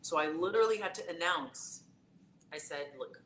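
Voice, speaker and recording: A woman's voice: lowish voice, moderate pace, fairly bright tone. A woman, a psychic tarot reader, telling a personal story in casual conversation with lots of fillers. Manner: chatty storytelling, many fillers. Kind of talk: casual live-stream conversation. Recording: roomy echo with faint background noise.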